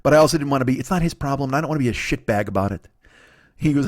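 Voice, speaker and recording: A man's voice: mid-range voice, lively intonation, racing. A man in his forties, a comedian telling a long exasperated story, ranting and swearing freely. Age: 40s. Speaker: comedian, podcast host.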